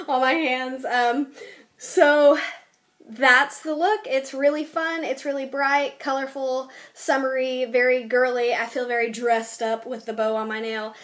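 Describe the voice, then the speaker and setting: A young woman with a high, light voice chats her way through a nail tutorial at home. She fills her talk with ums and sounds a little tired. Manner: chatty, filler-heavy with frequent ums. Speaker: beauty vlogger. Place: home, new place with boxes.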